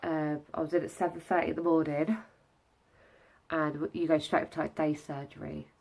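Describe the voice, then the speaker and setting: A woman's voice: low-pitched, little pitch movement, normal speed, vocal fry, darkish tone. A young woman vlogging after nose surgery, stuffy-nosed and short of breath, chatting candidly with many fillers. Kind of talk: casual vlog recovery update.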